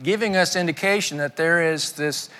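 Male guest preacher, earnest, restarts phrases, voice slightly high, hall reverb. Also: moderate pace, sharp tone. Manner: earnest, repeats words while searching for phrasing. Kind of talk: sermon.

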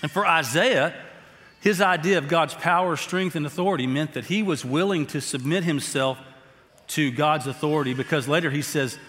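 Pastor preaching in a reverberant hall. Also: male voice, fairly high pitch, a bit bright. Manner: storytelling, building to emphatic slow exhortation. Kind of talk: sermon.

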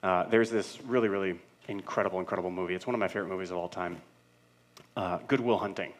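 A middle-aged male pastor preaching a sermon with earnest, building repetition, swinging between loud and hushed passages. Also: low voice, steady tone, fast. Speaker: senior pastor.

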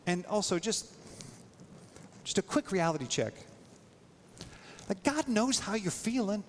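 Male pastor, casual and animated sermon delivery, somewhat high voice, reverberant hall sound. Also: unhurried, pauses often, a little hiss or hum. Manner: animated, voice jumps high when acting out prayers.

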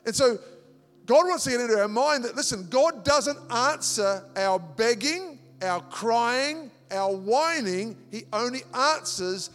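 A man from Australia preaching a sermon as pastor, animated, repeating words and acting out little dialogues. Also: very high voice, a little slow. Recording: long hall reverb with music behind.

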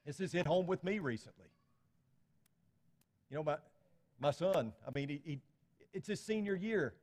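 A man's voice: a little high, animated, moderate pace, long pauses, a little mellow. A middle-aged man preaching a sermon as pastor, talking to the congregation conversationally with rhetorical questions. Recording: long hall reverb.

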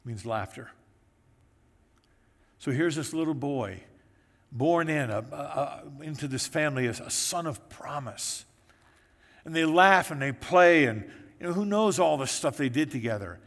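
A male pastor preaching a sermon, telling the story in a lively way and briefly acting out the voices of the people in it. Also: on the high side, a little slow, long pauses. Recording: echoey hall with long reverb.

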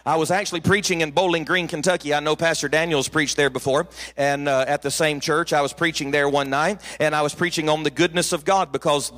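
A man's voice: fairly high pitch, fairly even intonation, a little fast, hardly any pauses, a bit bright. A man preaching a sermon, emphatic and repetitive, calling the congregation to answer back. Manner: emphatic, repetitive, call-and-response.

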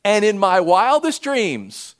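A man preaching a sermon, animated, swinging between loud emphasis and hushed urging. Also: high voice, takes it slowly. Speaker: pastor.

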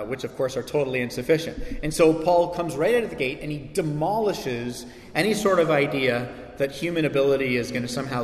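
A male pastor preaching a sermon, animated, acting out quoted voices with sarcasm. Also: medium pitch. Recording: echoey hall reverb.

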